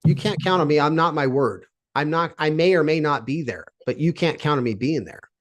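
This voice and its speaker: A man from Seattle giving an energetic, emphatic motivational talk at a virtual summit, asking the audience questions as he goes. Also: fairly high pitch, fairly quick. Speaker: speaker.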